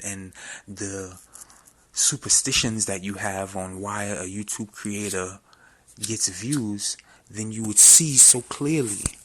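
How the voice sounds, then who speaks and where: A man's voice: fairly low pitch, fairly bright tone, husky. A man vlogger delivering a confrontational, profane, preachy rant to his viewers. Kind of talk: ranting monologue.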